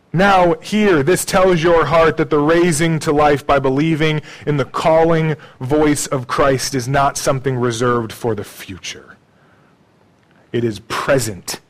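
A pastor preaches conversationally, ending his points with "okay?" and "right?" and moving between soft, low asides and raised, emphatic lines. The recording quality is low.

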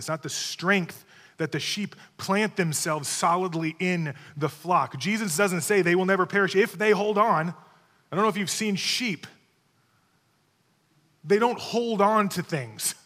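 A male pastor delivering a sermon in a slightly high voice. He teaches with emphasis, repeating key words and checking that his listeners follow. His voice rings out with a long reverb through a large hall. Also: a bit bright.

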